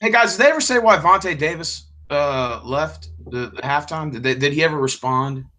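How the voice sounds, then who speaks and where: A man's voice: a little high, normal speed, pushed and bright. A man in a casual sports podcast, teasing and chatty.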